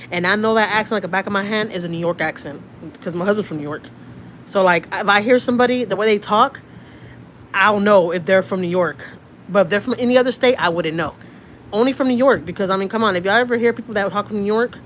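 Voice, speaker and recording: Medium-pitched and fairly bright, this woman's voice carries a faint hiss or hum. The Houston-accented channel host chats casually from her car during a phone livestream, reading comments aloud and swearing freely.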